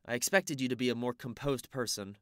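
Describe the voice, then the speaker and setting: A man's voice: medium pitch, a little fast, no echo, clean studio sound, natural voice. A man voicing a polite, confident teenage boy in an audiobook reading. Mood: composed.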